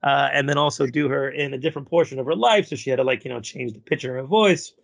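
A middle-aged man co-hosts a casual fan podcast, rambling along with fillers and repeated false starts. He talks quickly in a mid-range voice with vocal fry, and there's no room sound.

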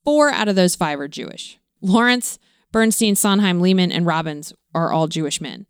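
Smooth-voiced woman explaining patiently. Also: on the low side, lively intonation, moderate pace, dry recording, clean studio sound. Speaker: co-host, parent. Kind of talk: casual film discussion.

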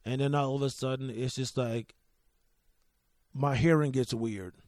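A man hosting a podcast, telling a long story in a casual, animated way, swearing, laughing and restarting often. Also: medium pitch, measured pace, no echo, studio quality. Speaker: podcast host.

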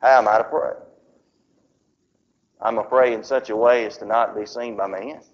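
A man preaching a sermon. He reads scripture slowly and swings between loud, raised emphasis and low, quiet drops. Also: steady tone. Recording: dull lo-fi sound.

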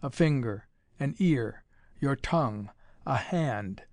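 A man's voice: mid-range voice, expressive, slow pace, a little mellow, no room sound. A man playing a gloating mad old tyrant. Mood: silky menace. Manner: gloating, menacing. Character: cruel mad old male tyrant emperor.

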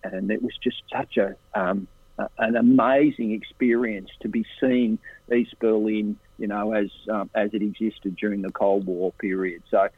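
A man's voice: moderate pace, husky, no room sound. Australian man telling stories over a tinny phone line. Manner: animated, jumps into higher voices for the people in his stories. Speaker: interview guest. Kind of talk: casual anecdotal storytelling.

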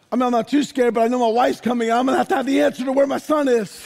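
A man in his forties preaching a sermon, telling stories with animated energy and rising to shouts for emphasis. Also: extremely high pitch, fast talker, vocal fry, few pauses. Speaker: pastor.

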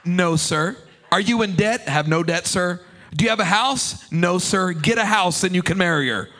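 A man's voice: high voice, normal speed, sharp tone, a little hiss or hum. A man voicing a stern, protective older father who asks curt, blunt questions.

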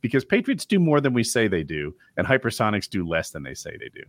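A man's voice: lowish voice, huge pitch swings, fast, no room sound, clean studio sound. A man on a casual chat podcast, laying out his opinions with emphatic asides. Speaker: podcast co-host.

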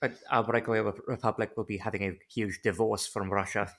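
A man's voice: on the low side, level tone, fast talker, a bit bright. A man putting on a drifting, overdone mixed to play a self-pitying male terrorist villain. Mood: bitter, pompous. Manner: wandering, exaggerated mixed accent.

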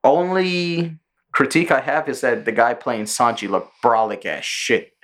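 A man's voice: mid-range voice, a little slow. A man co-hosting a podcast in casual chat, telling stories and acting out the people he quotes. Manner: animated storyteller, acts out quoted people, swears freely. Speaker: podcast co-host.

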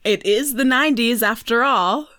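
A woman's voice: fairly high pitch, normal speed, bright, forceful tone, dry recording. A woman co-hosting a podcast, chatting casually with wry, dry humor. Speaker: podcast co-host. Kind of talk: casual chat recapping a TV episode.

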